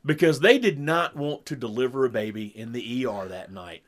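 A middle-aged man telling a long story in casual chat, animated and acting out what people said. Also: medium pitch, normal speed. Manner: animated storyteller who acts out quotes. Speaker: podcast co-host.

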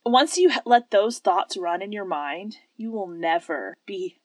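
A woman co-hosting a casual Christian conversation, talking with lively energy and frequent laughter. Her voice sits at an ordinary pitch and is recorded close and dry, with no room sound around it. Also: unhurried, hardly any pauses, no room sound. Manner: lively, laughs often, quotes scripture. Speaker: podcast co-host. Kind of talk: casual faith-based chat.

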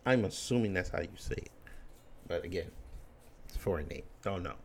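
A man's voice: deep voice, lively intonation, a little fast. A man hosting a commentary show, ranting bluntly and emphatically with crude language. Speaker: commentary host.

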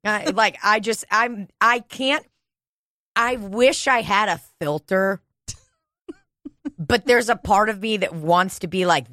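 A woman's voice: mid-range voice, lively intonation, normal speed, pushed and bright, no echo, studio quality. A woman in casual chat, telling candid personal stories with plenty of swearing. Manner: candid, profane storytelling.

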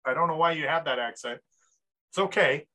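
A man's voice: fairly high pitch, fairly quick, pushed and bright. A man hosting a podcast in an upbeat, hype-style casual chat, full of fillers. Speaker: podcast host.

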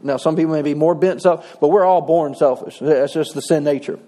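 A man's voice: on the high side, a little fast, warm tone. A middle-aged man, preaching a sermon in a folksy, conversational way with touches of humor. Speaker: pastor.

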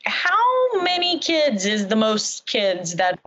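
A woman's voice: fairly high pitch, huge pitch swings, takes it slowly, fairly bright tone. A woman in her twenties co-hosting a casual, joking chat show, often trailing off mid-thought. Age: 20s. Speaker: co-host. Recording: dull lo-fi sound.

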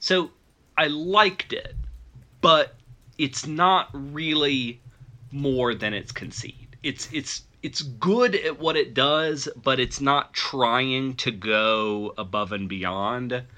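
A man's voice: medium pitch, takes it slowly, sharp tone. A man from the South, co-hosting a casual film review chat, joking loosely and laughing often. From American South. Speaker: podcast co-host.

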